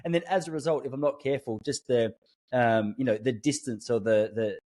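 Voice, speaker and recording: A man's voice: mid-range voice, fairly quick. Enthusiastic man hosting a podcast. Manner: warm, enthusiastic, informal. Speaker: podcast host. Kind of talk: casual podcast conversation.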